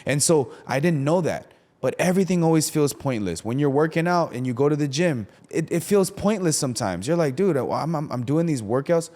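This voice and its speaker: A man's voice: a little high, fairly quick, few pauses. A young man hosting a podcast, talking about faith in a casual, slangy way and often checking in with "right?". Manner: slangy, animated storytelling with lots of "right?". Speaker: podcast host.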